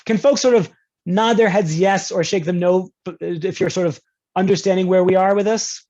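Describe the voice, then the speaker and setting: A man lecturing to a class over a video call, relaxed and conversational. He keeps checking in with his listeners and jumps up in pitch when he quotes someone in an example. The audio is dull and lo-fi. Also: moderate pace. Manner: conversational, often checks in with "right?". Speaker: rabbi teaching a class. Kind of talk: online lecture on Jewish law.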